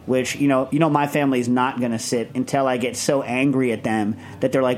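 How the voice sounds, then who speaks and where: A middle-aged man hosting a casual talk show, animated and laughing often as he acts out the people he quotes. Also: medium pitch, brisk, hardly any pauses, a little hiss or hum. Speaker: podcast host. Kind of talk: casual chat.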